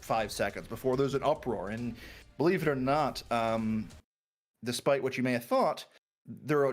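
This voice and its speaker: With a mid-range voice, a man narrates a tabletop game as game master, relaxed, laughing, and using many fillers.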